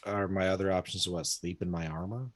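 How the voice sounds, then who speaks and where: A man's voice: low-pitched, fairly even intonation, a little fast. A man playing a tabletop game, joking easily as he describes his knight's actions. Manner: joking, easygoing. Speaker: player. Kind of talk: casual chat at a game table.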